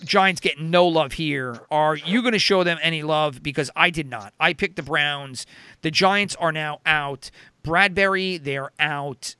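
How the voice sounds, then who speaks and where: Guy hosting a betting podcast, brightish higher voice, rambles a lot, dead dry room. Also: measured pace, clear, resonant tone, no echo. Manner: rambling, self-correcting, fillers. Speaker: podcast host. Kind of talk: casual sports betting chat.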